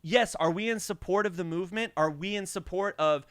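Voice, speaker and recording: Young guy podcast host, high tense voice, animated storyteller, dry close mic. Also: brisk, smooth, no room sound. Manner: animated, acts out the people in his story, swears freely. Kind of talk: casual storytelling chat.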